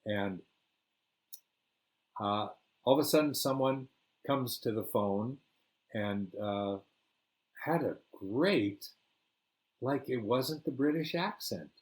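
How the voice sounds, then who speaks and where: An older man telling a first-person travel story, relaxed and rambling with fillers. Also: mid-range voice, slow, pauses often. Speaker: storyteller host.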